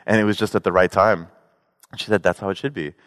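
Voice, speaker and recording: A man giving a sermon in a relaxed, conversational way, mixing in jokes and personal stories. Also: deep voice, fast. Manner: conversational, joking storytelling. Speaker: pastor. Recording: long hall reverb.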